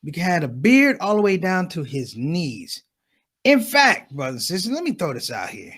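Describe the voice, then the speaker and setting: Guy doing stand-up, high lively voice, swoops all over when he acts people out. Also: slightly rough. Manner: animated storytelling, acts out characters with quick shifts in voice. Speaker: stand-up comedian. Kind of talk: stand-up comedy set. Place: conference stage.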